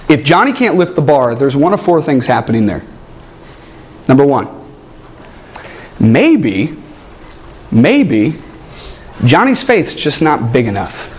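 Animated high-voiced male preacher. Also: normal speed, a little hiss or hum. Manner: animated, jokey, shifts into loud acted quotes. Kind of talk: sermon with humorous storytelling.

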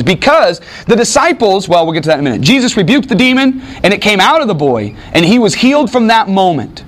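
A man's voice: high voice, big pitch swings, fast talker, hardly any pauses, fairly bright tone. A man teaching a Bible class, lecturing conversationally to a room of students and peppering the talk with rhetorical questions.

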